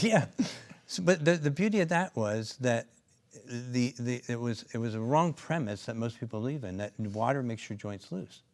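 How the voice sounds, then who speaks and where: A man's voice: mid-range voice, a little mellow. A man co-founder and clinician telling stories in an interview, rambling with many asides and restarts. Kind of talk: interview storytelling.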